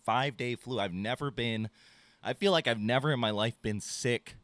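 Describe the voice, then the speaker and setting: Telling a loose, profanity-laced story on his podcast, a male host plays both sides of his phone calls in a relaxed storytelling chat. His voice is mid-range and a bit bright at a moderate pace, with no room sound.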